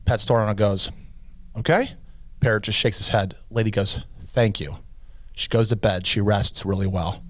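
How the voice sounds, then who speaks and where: A man co-hosting a podcast, telling a long joke in casual chat and pitching his voice up to play the characters. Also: a little fast, hardly any pauses, dry recording. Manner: animated storyteller, pitches voice up for characters. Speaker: podcast co-host.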